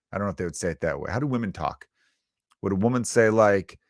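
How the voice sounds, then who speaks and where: Riffing man with a low, dry voice. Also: lively intonation, quick pace, no echo. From Chicago area, United States. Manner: crude, riffing, self-interrupting with asides. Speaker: comedian and podcast host. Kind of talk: rambling comedic monologue.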